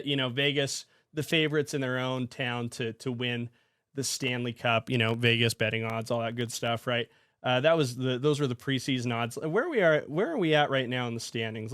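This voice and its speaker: Male podcast host, casual solo commentary, rambling, restarts, mid-pitched, dry close sound. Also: fairly bright tone, smooth, no echo. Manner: rambling, many restarts and fillers.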